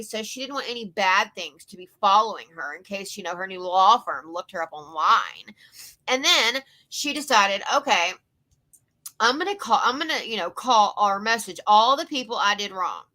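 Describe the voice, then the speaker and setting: Bright-voiced Louisiana woman ranting. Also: on the high side. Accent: Southern US, Louisiana. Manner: profane, indignant, emphatic. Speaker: commentary YouTuber. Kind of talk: reaction commentary rant.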